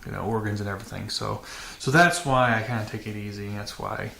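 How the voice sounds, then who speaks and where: A man's voice: on the low side, fairly even intonation, brisk, vocal fry, pushed and bright. A man hosting a dirt bike vlog, talking casually to camera with many fillers and restarts in a matter-of-fact way. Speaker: channel host. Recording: echoey room with faint noise.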